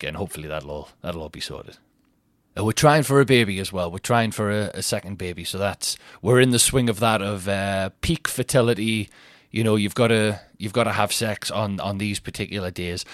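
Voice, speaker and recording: A man's voice: lowish voice, dry recording, clean studio sound. A man in his thirties hosting a podcast, telling rambling, self-mocking stories with lots of restarts. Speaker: podcast host. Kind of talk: casual comic monologue.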